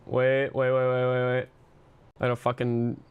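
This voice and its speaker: A man's voice: mid-range voice, completely flat delivery, measured pace, clean tone, no echo, phone-quality sound. A man streaming and chatting casually with his viewers, rambling and self-mocking, swearing often.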